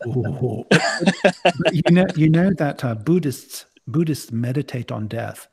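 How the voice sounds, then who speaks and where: A man's voice: mid-range voice, animated, a little slow, gravelly, mellow, slightly rough. A man hosting a casual live stream, teasing his guests and laughing often. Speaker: stream host.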